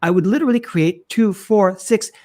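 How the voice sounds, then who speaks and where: A middle-aged man, a guest copywriter, talking in an interview with animated emphasis and frequent restarts. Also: high voice, moderate pace. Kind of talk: interview conversation.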